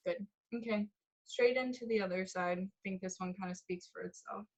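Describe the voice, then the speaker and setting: A young woman ballet teacher calling counts and giving gentle step-by-step corrections during a live class in a dance studio. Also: medium pitch, moderate pace. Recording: muffled recording with piano music behind.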